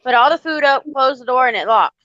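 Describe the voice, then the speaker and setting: A blunt, salty woman with a slightly higher voice hosts a casual live chat. The sound is dry and a little muffled, like lo-fi stream audio. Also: expressive, quick pace, bright, forceful tone, dry recording. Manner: blunt, salty, speaks firmly to her dogs.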